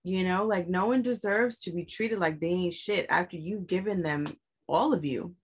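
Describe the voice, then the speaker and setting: A woman's voice: on the low side, moderate pace, breathy edge. A young adult woman telling a personal story in a candid, blunt way, swearing often and pressing her points with emphasis.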